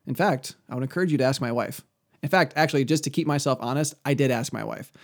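Male speaker, mid-range pitch with a raspy fry, earnest scripture-quoting talk on Christian parenting. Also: fast talker. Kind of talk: earnest religious teaching talk.

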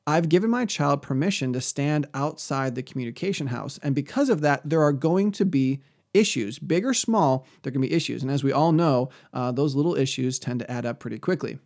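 Gravelly-voiced man teaching Christian parenting. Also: medium pitch, fairly quick, a little mellow. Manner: earnest, conversational, scripture-quoting. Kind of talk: earnest religious teaching talk.

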